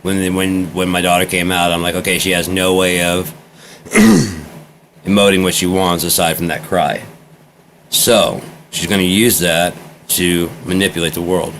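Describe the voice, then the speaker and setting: Brief: deep-voiced male vlogger, meandering journal-style talk, faint hiss behind. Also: fairly even intonation, measured pace, fairly bright tone. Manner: meandering, repeats himself, loose and candid. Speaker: vlogger keeping a spoken journal. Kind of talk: rambling personal monologue.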